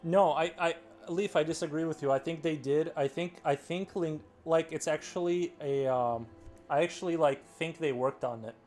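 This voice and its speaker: A man's voice: fairly high pitch, moderate pace, darkish tone, soft background music. A man chatting casually on a live stream, rambling and using "like" a lot. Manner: rambling, heavy filler "like".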